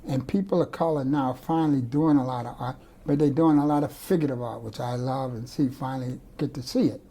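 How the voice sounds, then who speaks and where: An older male artist tells rambling, digressive stories full of restarts in an oral-history interview, indoors among his artworks. His medium-pitched voice is brisk and dark-toned, with fairly even intonation.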